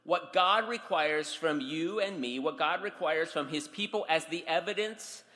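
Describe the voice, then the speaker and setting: Man, pastor, sermon, dramatic scripture reading, slightly high voice, long church reverb. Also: a little slow, bright, forceful tone.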